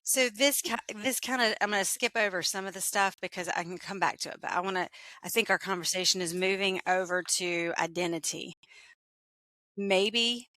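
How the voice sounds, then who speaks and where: A woman's voice: mid-range voice, normal speed, sharp tone, no room sound. A woman hosting a podcast, chatting casually and encouraging her guest with frequent affirmations. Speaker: podcast host. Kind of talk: casual interview chat. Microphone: video call.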